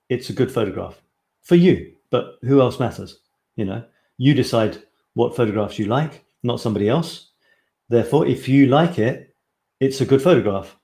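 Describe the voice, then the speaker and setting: A man's voice: mid-range voice, darkish tone, echoey room. A man hosting a casual live stream as a photography coach, talking in a rambling, chatty way and often correcting himself.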